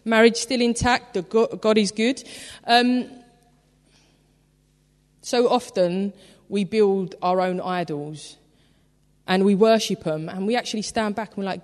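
A woman preaching a sermon in a church, telling the story in a chatty, animated way with lots of "like". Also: mid-range voice, unhurried. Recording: reverberant church hall.

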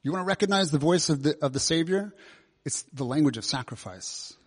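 A man's voice: on the high side, lively intonation, brisk, breathy edge. A man preaching a sermon in a conversational way, asking his listeners many questions. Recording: long reverb of a large hall.

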